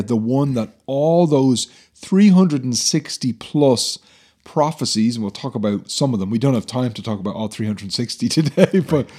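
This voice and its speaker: Man, mid-pitched, earnest teacherly explainer for a Bible talk. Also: darkish tone. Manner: earnest, explanatory, many fillers.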